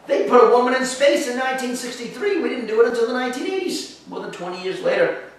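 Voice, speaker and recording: A man teaching a history lecture, lively and sarcastic, talking straight to his class. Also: very high voice, fast. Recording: echoey room, far from mic.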